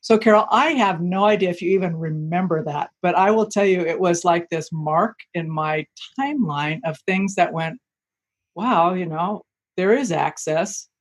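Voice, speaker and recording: A woman hosts a podcast and introduces her guest with earnest appreciation. She speaks at a measured, conversational pace with a middle-pitched voice. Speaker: podcast host.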